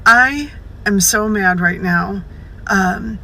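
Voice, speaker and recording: A woman's voice: medium pitch, slow, vocal fry, sharp tone, a little hiss or hum, rough recording. A woman speaking with outrage.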